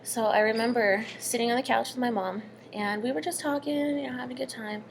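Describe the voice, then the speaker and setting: A woman's voice: fairly high pitch, a little fast. Earnest young woman telling her story. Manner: earnest, dropping to hushed asides. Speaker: storyteller sharing a personal story. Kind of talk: casual personal storytelling.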